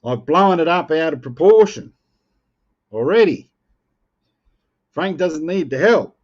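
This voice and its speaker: A man's voice: on the high side, animated, slow, darkish tone, highs cut off. An Australian man chatting casually with viewers on a live stream, joking and playfully defending himself. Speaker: livestream host.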